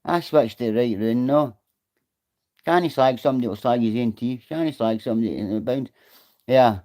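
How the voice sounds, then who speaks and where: A man's voice: medium pitch, moderate pace, mellow. Blunt Scottish man on a livestream. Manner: blunt, swearing, talks straight to viewers. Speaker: livestreamer reading chat. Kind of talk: casual livestream chat.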